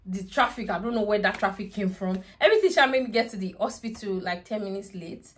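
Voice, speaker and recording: A woman's voice: mid-range voice, fast talker, a little hiss or hum. A young woman, a mother telling a dramatic story about her toddler in a casual vlog, often laughing and going into prayerful asides.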